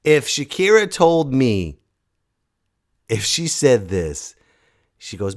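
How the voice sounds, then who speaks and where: A man in his thirties hosting a casual solo podcast, excitable and joking, restarting his sentences and jumping to loud high shouts when he mimics others. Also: slow, pauses often. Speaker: podcast host.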